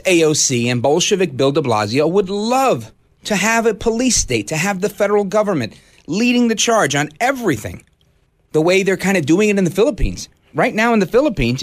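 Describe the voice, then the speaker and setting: A man hosting a talk radio show from a studio, delivering an indignant, animated monologue. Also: high voice.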